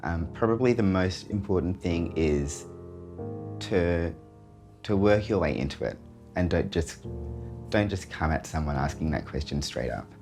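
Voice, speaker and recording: Young man with a deep voice, easygoing and offering tips. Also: lively intonation, unhurried, over music. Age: young adult. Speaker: interviewee. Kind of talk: candid testimonial.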